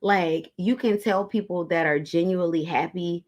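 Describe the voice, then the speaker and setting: A woman with a fairly low voice hosts a tarot livestream. She chats loosely and warmly with her viewers, calling them y'all and reading their comments aloud. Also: normal speed. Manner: chatty, talks straight to viewers as y'all, reads comments aloud. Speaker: tarot reader hosting a livestream. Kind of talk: casual livestream chat with viewers.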